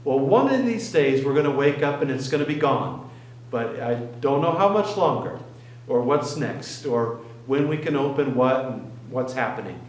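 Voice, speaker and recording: A man preaching as a pastor, telling a story in an earnest way, with pauses and restarts. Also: mid-range voice, lively intonation, echoey room, low-quality recording. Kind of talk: sermon. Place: church sanctuary.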